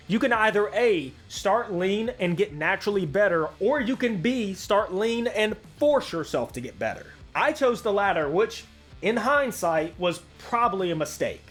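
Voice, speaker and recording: Sarcastic high-voiced man narrating. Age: adult with a career. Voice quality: velvety smooth voice. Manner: sarcastic, self-deprecating. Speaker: YouTube channel host. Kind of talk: scripted comedic narration.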